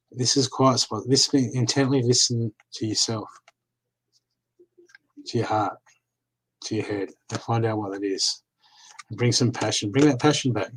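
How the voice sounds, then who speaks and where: An Australian man gives live card readings in a casual, reassuring way, often checking in with "okay?" as he goes. His voice sits in the mid range, and the recording is rough.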